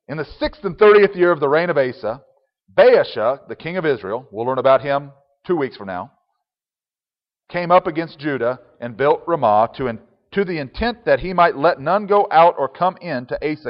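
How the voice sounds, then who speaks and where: A pastor preaching a conversational sermon with chuckling asides, reading and explaining scripture. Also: male voice, a little high, in a large hall, dull audio.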